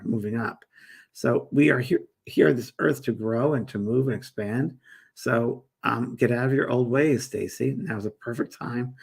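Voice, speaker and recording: A man's voice: medium pitch, creaky, breathy edge. A middle-aged man hosting a live spiritual chat show, rambling casually as he reads viewer comments aloud and answers them. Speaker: host and medium.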